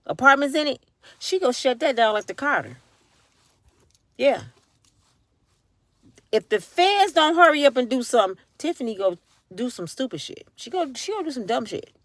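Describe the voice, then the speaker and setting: An animated woman dishes casual commentary to her viewers, her pitch leaping around as she acts out other people's lines. Her voice sits fairly high and the recording is dry and close. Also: dry recording. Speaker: vlogger.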